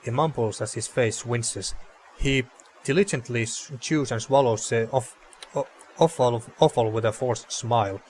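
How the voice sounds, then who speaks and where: Hosting a let's play, this man reads the game's text out loud and chats loosely, frequently tripping on words and cursing. His medium-pitched voice is somewhat slow and darkish, with a little background noise.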